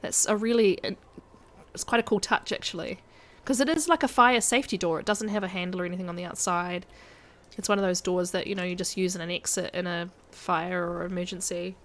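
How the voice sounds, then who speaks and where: A woman's voice: on the low side, steady tone, brisk, fairly bright tone. A woman chatting casually with her viewers while she plays a game on a live stream. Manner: chatty, addresses viewers directly.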